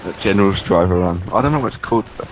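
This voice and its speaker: A man's voice: low-pitched, animated, racing, soft background music, rough recording. A man rambling through a comedic in-character monologue, hesitant and full of ums and restarts. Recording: voice over loud video game gunfire. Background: game battle sounds with gunfire.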